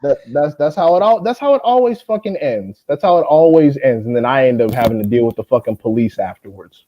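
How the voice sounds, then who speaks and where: A young man hosting a boxing live stream, ranting at a viewer in a profane, mocking way and mimicking people in high voices. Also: animated, fairly quick, lo-fi sound. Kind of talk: heated casual live-stream rant.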